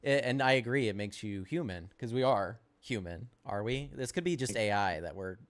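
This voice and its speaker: A man's voice: on the low side, normal speed. A man co-hosting a livestream, who talks loosely with jokes and a lot of filler words. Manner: loose, joking, filler-heavy. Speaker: co-host. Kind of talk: casual livestream chat.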